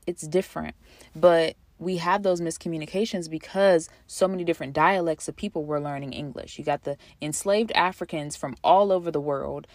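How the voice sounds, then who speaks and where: A woman's voice: deep voice, dry recording. A woman talking through her thoughts in a casual monologue, conversational and reflective, with frequent fillers and restarts. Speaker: podcast host.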